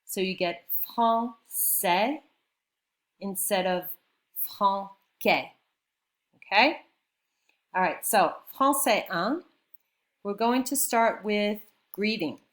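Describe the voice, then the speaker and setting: In a beginner French class, a woman with a medium-pitched, slightly bright voice teaches slowly. She explains things patiently and checks in with her students often.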